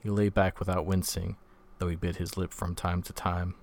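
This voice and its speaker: Male audiobook reader: very low, flat delivery, measured and even. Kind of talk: scripted narration.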